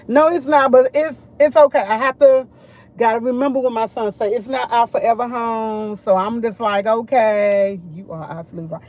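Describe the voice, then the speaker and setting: A middle-aged woman chatting casually to camera, full of animated retellings of what others said. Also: a little high, normal speed. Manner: animated, quotes others a lot. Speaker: vlogger.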